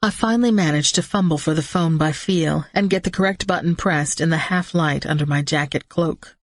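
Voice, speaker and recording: Low-voiced woman narrating an audiobook. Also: normal speed, dry recording, clean studio sound. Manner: steady storytelling, voices characters with small pitch shifts. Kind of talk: first-person audiobook narration.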